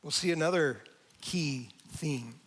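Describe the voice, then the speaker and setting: A man preaching a sermon as pastor, conversational and lively, reading scripture and acting out the quoted lines. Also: a little high, slow. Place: church sanctuary.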